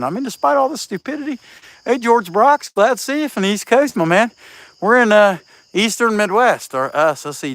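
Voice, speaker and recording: On a casual livestream from his rural carving spot, an Ohio chainsaw carver from the state's southeast chats, jokes folksily, and reads viewer names while working outside, sounding out of breath. His country, Appalachian-leaning voice sits high and a bit bright; the audio is poor but has no echo.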